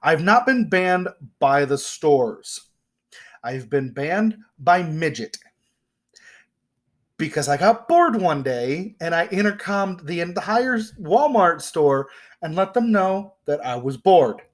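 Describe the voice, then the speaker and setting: A man's voice: on the high side, animated, takes it slowly. A young man co-hosting a podcast, chatting casually, joking and rambling with free swearing. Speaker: podcast co-host. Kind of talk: casual chat.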